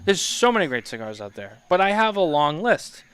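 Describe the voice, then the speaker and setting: A man co-hosting a casual talk show, animated and teasing, laughing often as he talks. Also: fairly high pitch, a little fast, smooth, no room sound. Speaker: podcast co-host. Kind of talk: casual chat.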